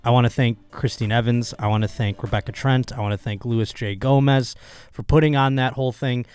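Hoarse man rambling on his podcast. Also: medium pitch, fairly quick, faint music behind. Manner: rambling, profane, excitable. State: hoarse, voice still recovering. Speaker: comedian podcast host. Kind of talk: casual solo podcast monologue.

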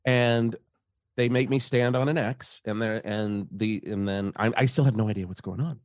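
A man's voice: fairly low pitch, steady tone, moderate pace, no echo, clean studio sound. A man calling in to a comedy show, sheepishly telling an audition story. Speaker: caller. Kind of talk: comedic anecdote.

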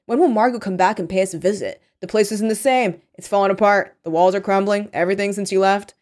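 A woman's voice: mid-range voice, fast, darkish tone, natural voice. Earnest, flustered teenage boy from a read-aloud, voiced by a woman.

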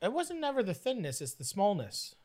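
A man's voice: high-pitched, wildly swooping pitch, fairly quick, a little mellow. A man in casual banter, teasing and insistent.

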